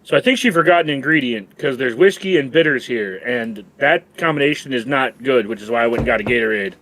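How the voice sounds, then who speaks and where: A man's voice: mid-range voice, fast, fairly bright tone, a little hiss or hum. A man chatting casually with friends on a gaming stream, laid-back and joking. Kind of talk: casual chat.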